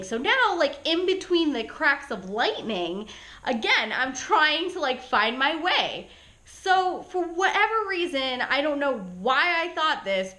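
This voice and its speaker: High, lively woman telling a storytime. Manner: chatty, animated, many "like" and "right?" tags. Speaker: pet sitter and vlogger. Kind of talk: casual storytime vlog.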